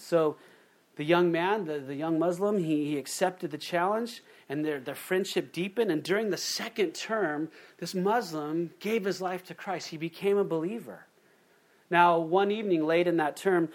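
A middle-aged pastor delivers a sermon in a voice pitched notably high for a man. He is a lively storyteller, slipping into different voices to act out the quotes he tells. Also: moderate pace.

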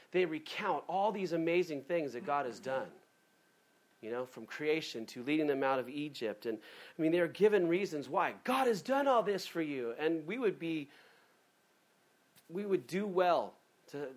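A man preaching a sermon in a lively, conversational way, often breaking off and restarting his sentences. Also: fairly high pitch. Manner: animated, conversational, self-interrupting. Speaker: pastor.

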